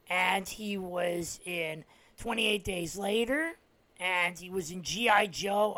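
A man's voice: sits high, a bit bright. A man from New Jersey with a New Jersey accent, hosting a solo podcast and retelling stories in a rambling way, with many "uh" fillers and restarts. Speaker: podcast host. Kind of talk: casual solo podcast monologue.

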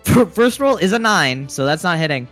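Laughing male game master, lively pitch. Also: moderate pace, faint music behind. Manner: laughs often while narrating. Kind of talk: narrating a tabletop game.

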